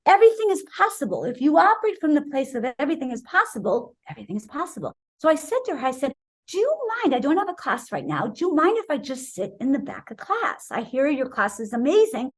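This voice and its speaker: A woman in her sixties from Wisconsin, a guest telling an animated story in an interview and acting out the voices she quotes. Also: sits high, fast talker, hardly any pauses. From Wisconsin, USA. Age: 60s.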